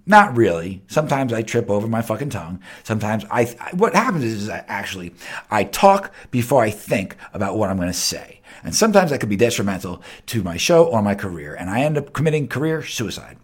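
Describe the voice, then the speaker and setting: Profane ranting man, lively pitch. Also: brisk, husky. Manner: swings between loud outbursts and low muttering. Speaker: podcast host. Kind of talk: unscripted solo rant.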